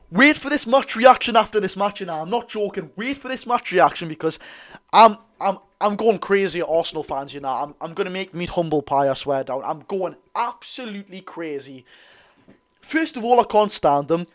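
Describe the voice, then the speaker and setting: A young man with a Geordie accent giving excitable, bantering live commentary on a football match while reading out viewer comments. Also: high voice. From North East England. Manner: excitable, banter-filled, reads chat aloud. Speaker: football channel host.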